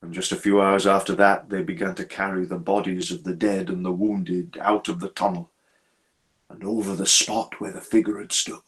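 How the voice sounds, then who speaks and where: A man voicing a haunted, deferential railway signalman who talks haltingly and keeps calling his listener sir, in a live dramatic storytelling. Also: low-pitched, level tone, voice pushed down, lightly acted. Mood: hushed, haunted.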